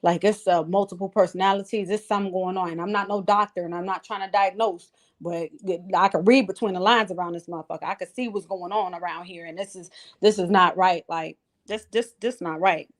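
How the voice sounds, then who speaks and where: A woman's voice: lowish voice, steady tone, brisk. An exasperated woman, ranting in a heated casual chat and repeating herself.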